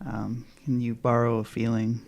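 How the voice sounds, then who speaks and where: A man's voice: medium pitch, monotone, moderate pace, vocal fry, a little mellow. A man competing in a podcast trivia game, making dry wisecracks. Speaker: quiz contestant. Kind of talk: casual banter.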